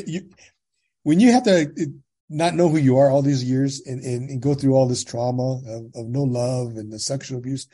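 A man in his sixties from California recounts his life as a guest, his voice mellow and slightly husky. He speaks at a middling pitch and brings past conversations back to life by acting out each side. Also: normal speed. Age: 60s. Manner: animated retelling, quotes dialogue, frequent tag questions. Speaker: podcast guest. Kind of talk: personal storytelling in conversation.

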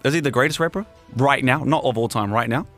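A man's voice: medium pitch, quick pace, soft background music. A man co-hosting a casual podcast, joking and teasing his co-hosts. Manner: animated, jokey, teasing. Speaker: podcast co-host.

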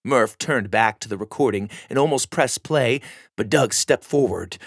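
A man narrating a science-fiction storybook in a steady, gently expressive way. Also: mid-range voice, moderate pace, creaky, slightly rough, no room sound, clean studio sound.

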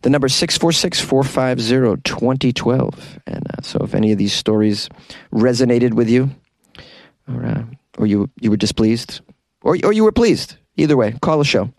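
A man's voice: mid-range voice, animated, normal speed, gravelly, darkish tone, no room sound. A man hosting a comedic news podcast, chatty and joking with wry asides. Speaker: podcast host.

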